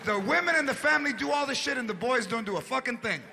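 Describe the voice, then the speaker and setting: A man in his forties doing animated stand-up comedy, shouting punchlines on stage at a live show with audience laughter. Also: extremely high pitch, quick pace, gravelly, background noise.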